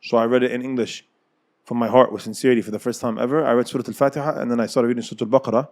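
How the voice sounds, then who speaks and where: Brief: man, 30s, rapid storyteller, mid-pitched, circles back on phrases. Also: fairly even intonation. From United States. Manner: fast, repeats and rephrases phrases. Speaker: Islamic scholar, guest. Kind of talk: personal storytelling in interview.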